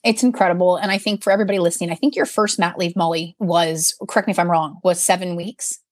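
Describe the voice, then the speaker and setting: A woman's voice: lowish voice, steady tone, fast talker, no room sound, clean studio sound. A woman co-hosting a podcast, speaking in an effusive, heartfelt way and often restarting her sentences. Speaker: podcast co-host. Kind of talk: casual podcast chat.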